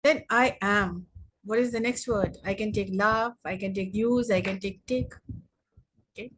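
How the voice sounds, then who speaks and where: In an online English grammar lesson, a young Indian woman talks slowly, repeating words and sentences to drive them home. Her voice is medium in pitch, steady, and fairly bright.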